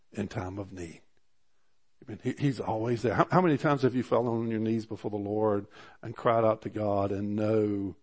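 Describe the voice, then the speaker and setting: A man preaching a sermon, animated and rising in pitch for emphasis, often restarting his phrases. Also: breathy edge. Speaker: pastor.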